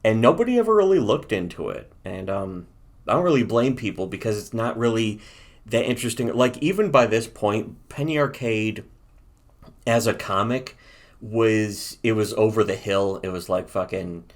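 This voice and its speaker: A man's voice: fairly low pitch, animated, moderate pace. A man co-hosting a casual comedy commentary show, rambling and profane, laughing as he reads comic lines aloud. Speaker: co-host.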